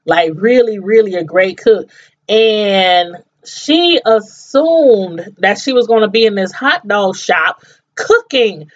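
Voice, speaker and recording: A woman's voice: mid-range voice, animated, takes it slowly, muffled recording. A woman reviewing a TV show in casual chat, laughing often and acting out what people said. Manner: chatty, laughs often, acts out quotes.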